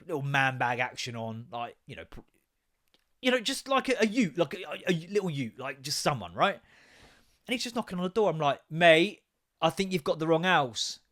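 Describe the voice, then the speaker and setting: On his podcast, a man with a slightly high, brisk voice tells a story as a casual rant peppered with swearing. His delivery is animated, and he impersonates voices within his anecdotes.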